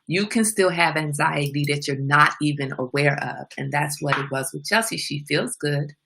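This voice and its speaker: A middle-aged woman hosting a casual live-stream talk, animated and laughing often. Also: low voice, moderate pace, creaky, a little hiss or hum.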